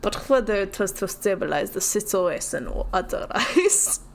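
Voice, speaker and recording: A woman's voice: medium pitch, animated, moderate pace, slight background noise, close to an everyday voice. Woman putting on a fake Russian accent, tired male merchant, formal and polite, worn out by paperwork, game dialogue read aloud. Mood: weary. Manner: put-upon, formal and polite.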